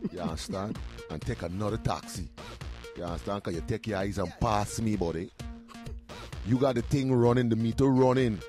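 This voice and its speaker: A man voicing a fed-up passenger with a Guyanese accent who loudly threatens his taxi driver. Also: fairly low pitch, natural voice. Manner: loud, threatening.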